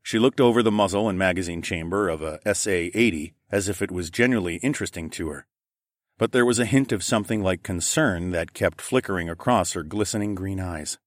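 Low-voiced guy reading a first-person novel, brisk, dry close mic, pushes harder in the dialogue. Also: no room sound. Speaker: audiobook narrator.

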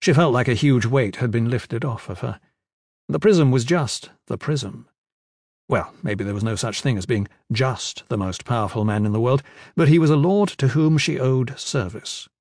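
A man reading fantasy fiction as an audiobook narrator in a measured, steady way. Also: medium pitch, no room sound, clean studio sound. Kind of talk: scripted narration.

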